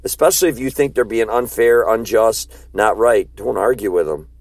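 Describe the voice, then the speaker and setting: Low-voiced earnest man preaching. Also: moderate pace. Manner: earnest, plain-spoken, reads scripture aloud. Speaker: street preacher, co-host. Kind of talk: casual faith talk.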